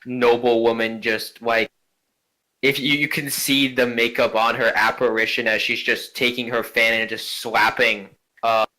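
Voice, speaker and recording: Bright-voiced man narrating as game master. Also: mid-range voice, level tone, measured pace, rough recording. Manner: rambling, hesitant, lots of "like".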